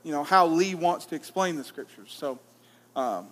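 High-voiced preacher in an echoing hall. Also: male voice, normal speed. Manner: reads scripture plainly, then comments in a relaxed, conversational way. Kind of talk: scripture reading and sermon. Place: church hall. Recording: reverberant church hall.

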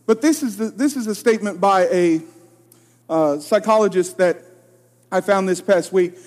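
A man's voice: high-pitched, normal speed, darkish tone. A man in his late twenties preaching a sermon, telling a personal story with emphatic, self-deprecating delivery. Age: 20s. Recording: long hall reverb.

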